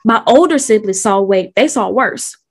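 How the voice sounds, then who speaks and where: A woman's voice: medium pitch, lively intonation, moderate pace, breathy edge. A woman in her thirties telling a personal story in a candid, conversational way with casual slang, while feeling sick. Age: 30s. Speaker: host.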